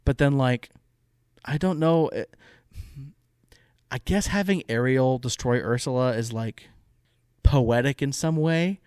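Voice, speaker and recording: A man's voice: mid-range voice, slow, long pauses, a little mellow, clear, resonant tone, no echo, clean studio sound. A man co-hosting a podcast, casually and animatedly retelling a plot with quoted asides. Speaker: podcast co-host. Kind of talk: casual chat.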